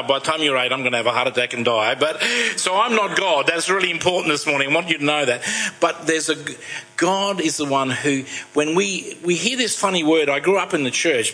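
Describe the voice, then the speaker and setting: A man in his sixties giving a sermon, telling personal stories in a conversational, self-deprecating way and dropping soft and slow when he turns reflective. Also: a little high, poor audio. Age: 60s. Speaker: preacher.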